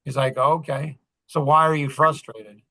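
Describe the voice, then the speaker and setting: A man's voice: a little high, little pitch movement, a little slow, pushed and bright, no room sound. A man hosting a podcast, telling stories casually and acting out the quoted dialogue with lots of animation. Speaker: podcast host. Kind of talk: casual storytelling chat.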